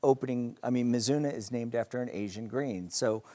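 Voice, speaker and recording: An easygoing man chef explains his dishes to a TV host in casual, relaxed talk. He stops and restarts now and then as he hunts for the right words. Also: mid-range voice. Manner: relaxed, easygoing, a bit halting. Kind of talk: casual interview.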